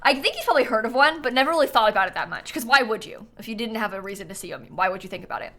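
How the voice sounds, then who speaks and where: Bright, lively woman streaming casually. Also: on the high side, rapid-fire. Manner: chatty and giggly, reads out chat donations. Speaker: livestream host. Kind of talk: casual chat while gaming.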